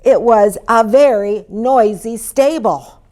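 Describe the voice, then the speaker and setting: A woman reading a children's story aloud in an expressive way, inviting her listeners to join in. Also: on the high side, slow pace. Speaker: storybook reader.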